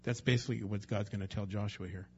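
A man's voice: lowish voice, fairly even intonation, fast talker, darkish tone, highs cut off, slight background noise. A man preaching a sermon in a conversational way, sometimes acting out the voices of people he quotes. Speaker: pastor.

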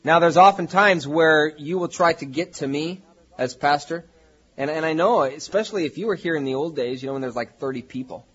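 A man preaching to his congregation in a husky, somewhat high voice. He talks in a conversational way and builds to emphatic peaks. The recording is dull and lo-fi. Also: brisk, a bit bright. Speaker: pastor. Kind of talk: sermon.

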